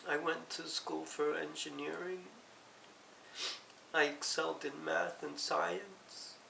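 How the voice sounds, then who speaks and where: A middle-aged woman giving a halting, emotional personal confession, close to tears and often correcting herself. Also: low voice, fairly even intonation, vocal fry, bright, forceful tone. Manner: halting, tearful, self-correcting. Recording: roomy, distant mic, faint hiss.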